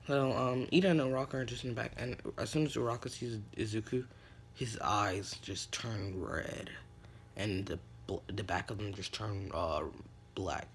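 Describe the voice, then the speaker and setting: A man's voice: on the low side, normal speed, a little hiss or hum. A man casually retelling a fan story, rambling with lots of fillers and jumping into character voices.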